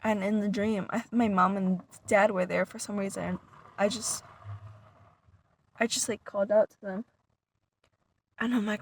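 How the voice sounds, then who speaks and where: Unhurried and prone to long pauses, this vlogger's mid-range voice carries a long, rambling story told casually to viewers. She restarts often, leans on "like" as filler, and animatedly retells events, dropping some words to a whisper.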